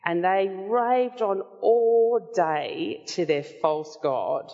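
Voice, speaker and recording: Woman preacher, unhurried sermon delivery, earnest and measured, dull recording with long reverb. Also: fairly low pitch, animated, mellow. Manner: earnest, measured Bible teaching.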